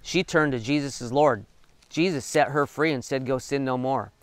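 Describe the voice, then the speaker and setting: Smooth-voiced man preaching from scripture. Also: mid-range voice, moderate pace, dry recording. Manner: reads scripture aloud then explains it conversationally; folksy and informal, with fillers. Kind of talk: Bible reading and sermon commentary.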